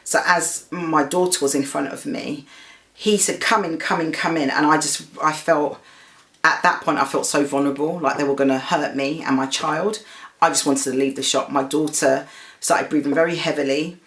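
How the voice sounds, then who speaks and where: Low-voiced woman telling a story. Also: steady tone, normal speed, a bit bright, echoey room. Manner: earnest, retelling a dispute, stumbles and restarts; voices the other people with a raised pitch. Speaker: host. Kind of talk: personal storytelling to camera.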